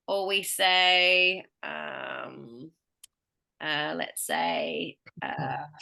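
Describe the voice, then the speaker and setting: A woman speech pathologist giving a patient one-on-one pronunciation lesson, explaining slowly with examples. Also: on the low side, creaky, bright, forceful tone.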